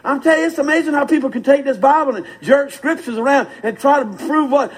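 A man's voice: extremely high pitch, quick pace, hardly any pauses, low-quality recording. An older man preaching a sermon in a fervent, folksy way, calling out to the congregation.

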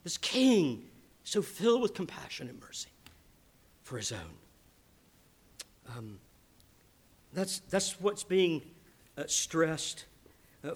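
Earnest preacher with emphatic swells. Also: male voice, high voice. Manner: earnest, emphatic preaching with swings from soft to loud. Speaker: pastor. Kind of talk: sermon.

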